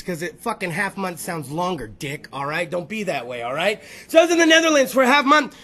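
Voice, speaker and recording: A man's voice: sits high, sing-song, fast talker, few pauses, a bit bright. A man hosting a podcast, ranting comedically, rambling and heavy with profanity. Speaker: podcast host. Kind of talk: comedic rant.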